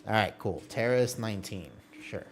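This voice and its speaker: A man's voice: lowish voice, moderate pace, slight background noise. A man streaming a game, chatting casually with his viewers and answering their messages as he plays, often laughing and trailing off mid-sentence. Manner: chatty, reads and answers viewer chat while playing. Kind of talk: casual live-stream chat.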